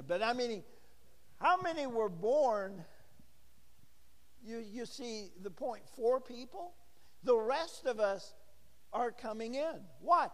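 A man's voice: high voice, long reverb tail. A middle-aged man preaching a sermon in a church, talking with the congregation and asking them questions. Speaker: pastor.

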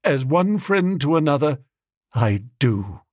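A man voicing a lovesick young gentleman who talks earnestly and anxiously. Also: on the high side, very animated, a little slow, no room sound, studio quality, pitched above the performer's own voice. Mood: fretful. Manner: earnest, fretful, pleading.

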